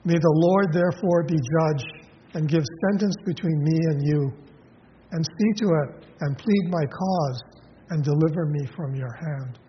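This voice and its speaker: A man preaching a sermon, reading scripture verses aloud in a measured way, then explaining them with pauses and fillers. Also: on the high side. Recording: lo-fi hall recording with long reverb and faint noise.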